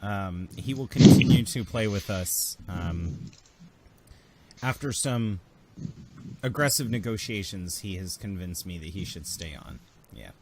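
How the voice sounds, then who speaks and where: A man's voice: deep voice, measured pace, long pauses, heavy background noise. A young man acting as game master in a tabletop game, joking about his own voices. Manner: joking, self-deprecating.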